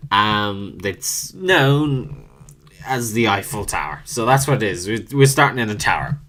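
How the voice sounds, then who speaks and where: A man thinking aloud in a halting, musing way as he rolls dice and invents characters for a video. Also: medium pitch, a bit bright. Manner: musing, halting, self-correcting. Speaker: video creator.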